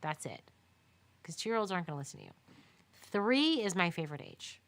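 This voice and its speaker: A woman's voice: on the low side, sing-song, a little fast, a bit bright. A woman photographer answering questions in a casual live Q&A, telling stories emphatically and quoting people as she goes. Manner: emphatic, chatty storytelling with laughs and quoted dialogue. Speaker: newborn and baby photographer answering viewer questions.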